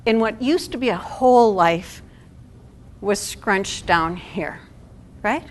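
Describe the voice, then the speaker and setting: A woman's voice: medium pitch, takes it slowly, slight background noise. A middle-aged woman giving a talk to an audience at a support event, conversational and asking the room questions.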